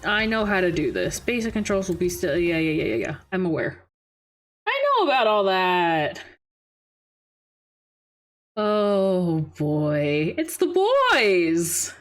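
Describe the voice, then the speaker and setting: A woman's voice: on the low side, big pitch swings, slow, pauses often, soft background music. A woman streamer chatting casually and reading game narration aloud, laughing easily.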